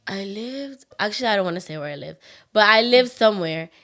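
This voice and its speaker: Young woman telling an animated story. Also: mid-range voice, fairly quick. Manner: animated storyteller, many "like" fillers, acts out quoted voices. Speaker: podcast co-host. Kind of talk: casual chat, storytelling.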